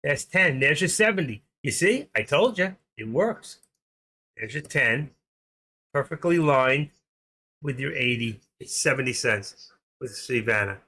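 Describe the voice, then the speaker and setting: Thinking aloud on his trading livestream, this Queens-accented New Yorker rambles and cracks jokes in casual chat. He speaks in a mid-range voice, animated and sharp, at a measured pace.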